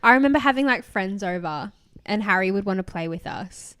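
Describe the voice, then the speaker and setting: A woman in her twenties co-hosting a podcast, telling stories in a relaxed, easygoing way. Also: mid-range voice, fairly quick. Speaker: podcast co-host. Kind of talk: casual chat.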